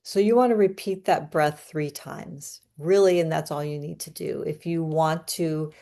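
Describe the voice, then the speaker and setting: A woman giving an astrology reading and guiding a breathing ritual in a calm, soothing, unhurried way. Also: low-pitched, vocal fry. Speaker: astrology reader. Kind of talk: guided breathing and astrology talk.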